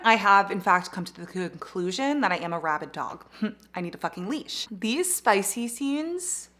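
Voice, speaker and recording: A young woman talking to her camera at home, gushing over the books she is reading. She laughs a lot and swears casually, and her voice sits in an ordinary middle pitch. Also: fairly bright tone. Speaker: book vlogger. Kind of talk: casual reading vlog chat. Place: home, bathroom while doing makeup.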